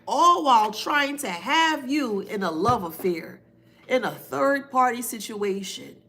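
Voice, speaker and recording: A woman talks slowly to her live-stream viewers. Her voice sits high, and she repeats phrases for emphasis. She breaks off to thank viewers by name. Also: pushed and bright. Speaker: spiritual reader on a live stream. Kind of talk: casual live-stream reading.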